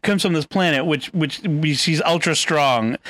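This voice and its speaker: A man's voice: fairly high pitch, a little slow, fairly bright tone, no room sound. A man co-hosting a podcast in casual chat, laughing often and acting out lines as he talks. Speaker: podcast co-host.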